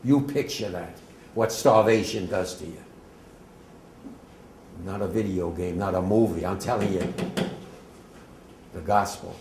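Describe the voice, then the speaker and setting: A man's voice: sits low, measured pace, long pauses, a little mellow, slight background noise. A man, a war veteran giving emotional, vivid personal testimony to a class. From New Jersey, USA. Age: 80s. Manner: vivid, emotional storytelling with emphatic outbursts. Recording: echoey room.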